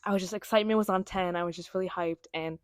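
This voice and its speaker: Excitable young woman telling dramatic stories. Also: lowish voice, fast talker, no room sound, clean studio sound. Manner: excitable, dramatic storytelling with loud reactions. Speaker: podcast co-host. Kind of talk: casual chat.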